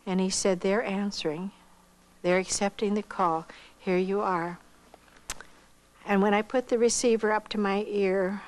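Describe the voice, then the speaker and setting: An older woman from the United States telling a personal testimony slowly and reflectively, acting out the voices of the people she quotes. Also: mid-range voice, rough recording. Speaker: missionary giving testimony.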